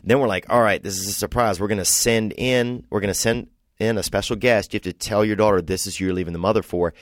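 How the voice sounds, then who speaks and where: Talking fast in a lowish voice, the young comedian from Louisiana rambles through stories in a casual podcast chat, giving the people he quotes animated voices. The recording is dry and clean, studio-made.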